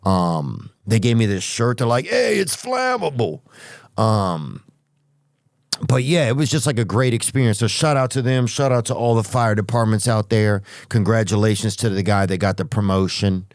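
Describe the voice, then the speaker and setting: A man hosting a podcast, telling rambling comic stories with profanity and drawn-out asides. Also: fairly low pitch, a little mellow, dry recording, studio quality. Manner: profane, drawn-out asides, sudden character voices. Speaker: podcast host.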